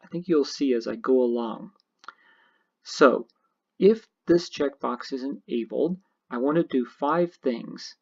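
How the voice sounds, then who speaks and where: Slow, husky tutorial narrator. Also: mid-range voice, darkish tone. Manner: methodical step-by-step explaining. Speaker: programming teacher. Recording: dull lo-fi screen recording.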